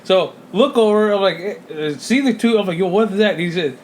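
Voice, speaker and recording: A man co-hosting a podcast, telling a profane, animated story with lots of quoted asides in casual chat. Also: high voice, brisk, slight background noise. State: sleepy. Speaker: podcast co-host.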